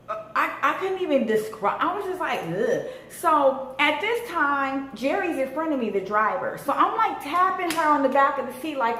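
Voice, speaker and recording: A Southern California woman in her thirties tells a dramatic storytime vlog, using slang and swearing. Her voice is high-pitched and sing-song with a sharp tone at a moderate pace, recorded in an echoey room with faint noise.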